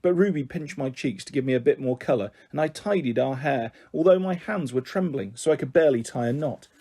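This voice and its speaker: Husky-voiced man reading a storybook. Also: mid-range voice, fairly quick, dark tone. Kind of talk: children's book reading.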